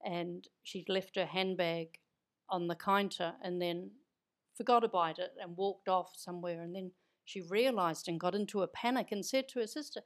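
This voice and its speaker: A woman's voice: fairly low pitch, moderate pace. Chatty Kiwi woman, Irish-tinged. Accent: New Zealand with Irish tinge. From New Zealand. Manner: chatty, anecdotal, easy laughter. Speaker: guest. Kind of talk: conversational storytelling.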